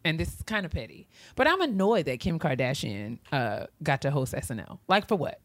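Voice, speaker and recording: A woman's voice: low-pitched, very animated, fairly quick. A woman in her thirties co-hosting a podcast, chatting casually and venting with exasperated groans. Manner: exasperated, dramatic sighs and groans. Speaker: podcast co-host. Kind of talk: casual chat.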